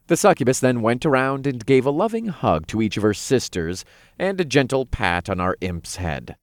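A man narrating an audiobook in an expressive, playful reading. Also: medium pitch, normal speed, no room sound, clean studio sound.

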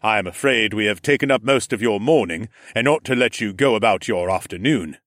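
A man voicing a calm, dignified nobleman in an audiobook, with a low, rumbling, measured and formal voice. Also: no room sound, studio quality, close to an everyday voice. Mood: kindly. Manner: formal and courteous.

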